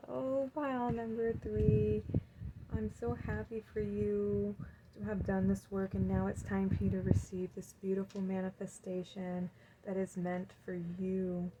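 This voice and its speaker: A woman giving an encouraging tarot card reading, gushing with warmth and reading card affirmations aloud. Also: mid-range voice, little pitch movement, a little slow, a little hiss or hum, rough recording.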